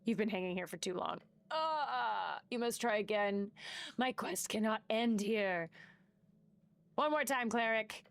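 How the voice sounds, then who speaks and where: A woman's voice: fairly high pitch, expressive, unhurried, gravelly. A woman streaming gameplay live, reading game text aloud and swearing as she talks to chat.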